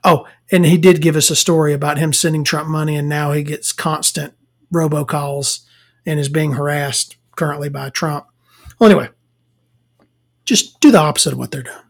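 A woman's voice: low-pitched, fairly even intonation, moderate pace. A woman, telling blunt, profane work stories to camera in a casual rant. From Southern United States. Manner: profane, blunt, laughing storyteller. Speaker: vlogger.

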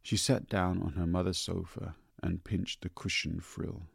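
Deep raspy guy reading a story, slow and deliberate, dry close sound. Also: steady tone, no room sound. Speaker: narrator. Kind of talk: audiobook narration.

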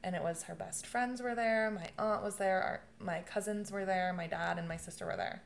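A young woman in a casual conversation, telling stories with lively bursts of laughter and swearing. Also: mid-range voice, normal speed, creaky. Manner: animated storytelling, laughing often, swearing. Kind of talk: casual chat.

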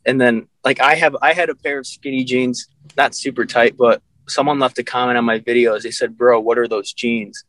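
A man's voice: medium pitch, fairly even intonation, fairly quick, few pauses, fairly bright tone, dry recording. A young man chatting casually on a podcast, telling rambling stories and laughing at himself. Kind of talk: casual chat.

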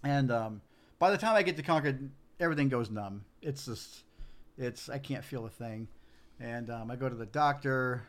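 A man's voice: mid-range voice, moderate pace, fairly bright tone. A man telling a long rambling story on a casual podcast, full of fillers and acted-out quotes. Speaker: podcast guest, the host's uncle.

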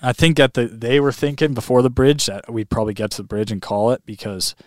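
A man, a podcast guest, telling a story in a casual, animated way, full of "like" and "man". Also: medium pitch, brisk, dry recording, clean studio sound. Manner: animated, heavy on fillers like "like" and "man". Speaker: guest recounting a long lake swim.

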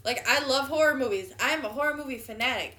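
A woman co-hosting a podcast in casual chat, blunt and quick to laugh, with some swearing. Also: high-pitched, pushed and bright. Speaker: podcast co-host.

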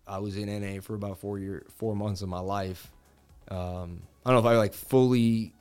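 A man's voice: on the low side, darkish tone. A man in his thirties from the Boston area, hosting a casual crypto livestream and telling rambling stories full of "like" and "you know, man.". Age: 30s. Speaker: crypto stream host.

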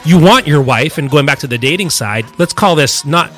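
A man with a bright, slightly high and edgy voice rambles crudely through casual podcast talk, swearing freely. Faint music sits underneath. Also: lively intonation, moderate pace. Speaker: podcast co-host.

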